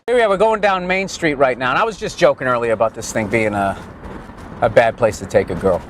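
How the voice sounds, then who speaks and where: A man's voice: medium pitch, a little fast, a bit bright, a little hiss or hum, poor audio. A man vlogging outdoors as he moves down a street, riffing in a crude, sarcastic, comedic way. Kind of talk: profane comedic ramble while riding down a street. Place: outdoors on a city street, moving.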